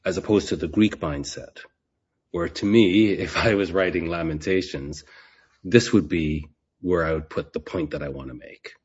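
Deep husky-voiced man teaching scripture. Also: a little mellow, highs cut off. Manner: unhurried, repeats words, restarts phrases. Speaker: Bible teacher. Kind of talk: expository Bible teaching.

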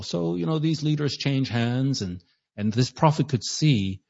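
A man's voice: mid-range voice, expressive, moderate pace, vocal fry, a little mellow. A man teaching a sermon, reading scripture and retelling it in everyday words with conversational asides. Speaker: preacher. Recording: dull lo-fi sound.

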